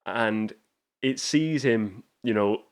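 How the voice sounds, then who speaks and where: A man's voice: lowish voice, takes it slowly. A man hosting a casual film review show, talking enthusiastically with frequent restarts and rambling asides. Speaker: movie show host.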